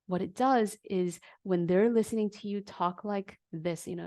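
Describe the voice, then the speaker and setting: A woman coaching a live online negotiation workshop, guiding the audience calmly and asking them questions. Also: medium pitch, a little slow, no room sound, clean studio sound.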